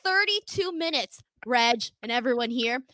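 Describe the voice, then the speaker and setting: An American woman hosting a casual live-stream chat, telling stories in an animated way with frequent swearing. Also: a little high, normal speed, no room sound. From United States. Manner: animated, swearing storyteller, laughs often. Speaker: podcast host.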